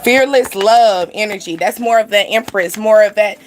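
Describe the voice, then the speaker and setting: A woman's voice: medium pitch, normal speed, a little hiss or hum. Chatty woman doing a rambling card reading. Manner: rambling, chatty, heavy use of "like" and "you know". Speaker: tarot card reader. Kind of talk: casual spiritual reading to camera.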